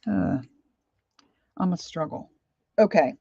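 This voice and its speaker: A woman's voice: lowish voice, lively intonation, takes it slowly, vocal fry, mellow, slightly rough, dry recording, lo-fi sound. An older woman chatting casually while she paints live, rambling and reading viewer comments aloud. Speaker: painting instructor. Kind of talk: live painting stream chat.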